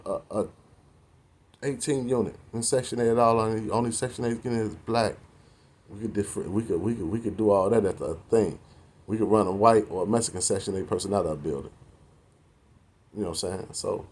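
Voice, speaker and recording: A man in his forties holds forth in a blunt street-talk rant, lecturing and cursing at his listeners. His voice sits low with a husky, rough edge. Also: a little mellow. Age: 40s. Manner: preachy and confrontational, heavy slang and cursing.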